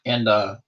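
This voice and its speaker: Man, casual storyteller over a video call, animated, plays out every line of dialogue. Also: lowish voice, vocal fry, dull audio. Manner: animated, acts out both sides of a conversation. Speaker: guest in a group video chat.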